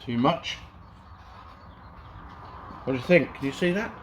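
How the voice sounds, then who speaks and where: A man's voice: medium pitch, expressive, unhurried, a little hiss or hum, low-quality recording. A man chatting casually to camera, muttering to his work as he welds in his garage. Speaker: garage vlogger welding a pickup. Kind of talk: casual workshop chat to camera.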